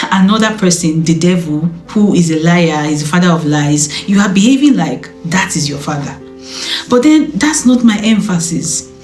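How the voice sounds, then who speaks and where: A woman with a fairly low voice teaches from the Bible, reading passages aloud and then talking them through with casual hesitations. She sounds set back from the mic in a roomy, echoing space. Soft music plays faintly underneath. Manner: reads scripture aloud then explains it conversationally, with hesitations. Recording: echoey room from a distance with soft music.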